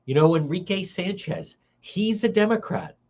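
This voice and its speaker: A man's voice: high-pitched, normal speed, gravelly, a little mellow, muffled recording. A man hosting a livestreamed political commentary show, talking in a heated, indignant way and repeating his points. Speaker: talk show host.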